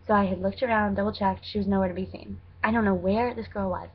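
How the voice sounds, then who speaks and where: A woman's voice: mid-range voice, fairly even intonation, quick pace, breathy edge, lo-fi sound. A young American woman telling stories in a casual vlog, chatty and rambling, correcting herself with lots of fillers. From United States. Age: young adult. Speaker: student vlogger abroad.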